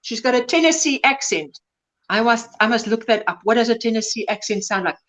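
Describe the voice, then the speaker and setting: A woman with a high voice hosting a casual livestream. She reads viewer comments aloud and reacts to each one with small exclamations. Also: lively intonation, a little fast, fairly bright tone. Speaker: livestream host. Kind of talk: casual chat.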